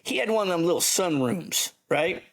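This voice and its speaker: A middle-aged man, an army veteran telling a story as a podcast guest in an animated, profane way. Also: high-pitched, moderate pace. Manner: animated, profane yarn-spinner. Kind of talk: casual storytelling.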